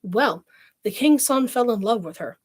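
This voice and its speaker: A woman's voice: a little high, expressive, normal speed, breathy edge. Woman reading fairy tales with snarky asides. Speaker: storyteller streamer.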